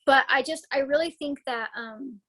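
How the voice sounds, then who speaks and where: A woman's voice: high-pitched, normal speed, bright, forceful tone, rough recording. Chatty rambling woman herbalist, recovering from a concussion. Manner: chatty, rambling, laughs often, many likes and restarts. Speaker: guest herbalist. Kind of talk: casual podcast interview.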